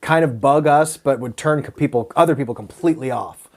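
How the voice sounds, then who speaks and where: A man's voice: mid-range voice, brisk. A man with a mid-range voice hosts a casual movie-review chat. He rambles, restarts his sentences and hunts for the right word. He swears freely as he talks. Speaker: podcast host.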